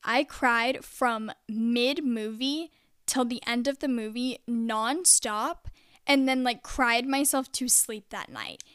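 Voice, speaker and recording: A woman's voice: on the high side, slow, fairly bright tone, clean tone, no echo, studio quality. A young woman vlogger telling a personal story in a casual, chatty way, filling her sentences with "like". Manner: chatty, heavy use of "like".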